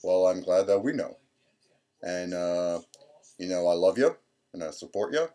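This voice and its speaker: Man doing a hesitant middle-aged dad, halting, deep voice. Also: animated, mellow. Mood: awkward. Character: awkward middle-aged father, plain and hesitant.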